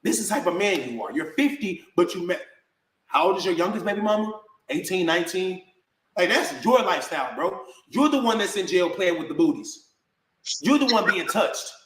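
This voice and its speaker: A man's voice: high voice, expressive, a little fast, fairly bright tone, a little hiss or hum. Indignant man ranting in an echoey room. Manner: indignant, repetitive, addresses viewers as bro. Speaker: vlogger. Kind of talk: heated rant to camera.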